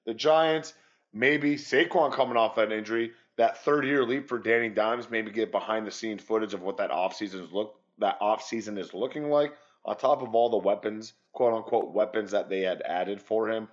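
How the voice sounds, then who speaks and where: Sports podcast co-host, male, lowish voice, loose and profane, dull lo-fi audio. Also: moderate pace. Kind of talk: casual sports podcast chat.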